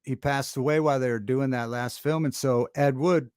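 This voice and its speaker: A man hosting a casual livestream talk show, chatting with viewers in a halting, rambling way with many fillers and restarts. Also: mid-range voice, fairly even intonation, darkish tone, clean tone, dry recording, studio quality. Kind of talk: casual livestream chat reading viewer comments. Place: home studio.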